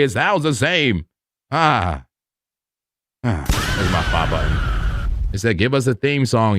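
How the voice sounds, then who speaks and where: A man hosting a casual live crypto trading stream who talks excitably, laughs loudly and repeats himself. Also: mid-range voice, a little slow, pauses often, dry recording, studio quality.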